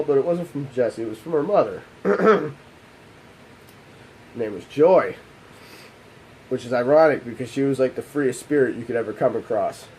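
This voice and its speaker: A young man with a mellow, darkish voice tells a painful memory from his own life. He talks haltingly and restarts often, and his voice sinks low as he fights back tears. A faint hiss of noise sits under the recording. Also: poor audio. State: emotional, holding back tears. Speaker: gaming channel host. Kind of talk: emotional personal storytelling.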